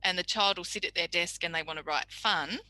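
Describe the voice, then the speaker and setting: Casting: woman tutor, very bright clear tone, dry close recording, chatty lecturer. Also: lowish voice, a little fast, dry recording, rough recording. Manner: warm, chatty, explanatory with acted examples. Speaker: speech pathology tutor.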